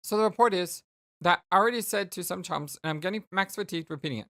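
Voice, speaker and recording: A let's play host voicing a bubbly, chatty teenage girl who rambles excitedly, reading game dialogue aloud. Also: mid-range voice, fast, voice pushed up, natural voice. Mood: giddy.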